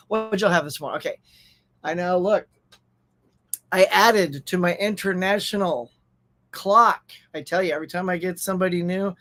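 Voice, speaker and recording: A man's voice: sits high, fairly bright tone. A man with an American accent hosting a live pop culture stream, chatting casually, reading out viewer names and laughing often. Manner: upbeat, chatty, laughs often, reads chat aloud.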